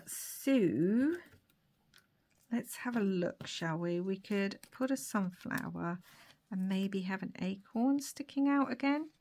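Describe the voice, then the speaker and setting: A woman's voice: mid-range voice, gravelly. Chatty woman crafting on camera. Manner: chatty, talks to viewers, laughs often, soft whispered asides. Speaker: craft vlogger. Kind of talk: casual crafting chat.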